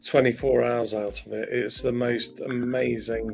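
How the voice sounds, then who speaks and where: A middle-aged man speaks frankly in casual chat, his voice at a middling pitch with a strong gravelly edge. He hesitates often with uhs. Faint music runs behind him. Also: little pitch movement, a little slow, low-quality recording. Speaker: co-host.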